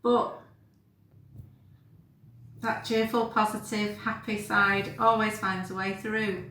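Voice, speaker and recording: A woman in her sixties, a mother, giving a warm, earnest birthday message to her daughter. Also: medium pitch, flat delivery, slow. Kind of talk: heartfelt birthday video message. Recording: very echoey room, faint background noise.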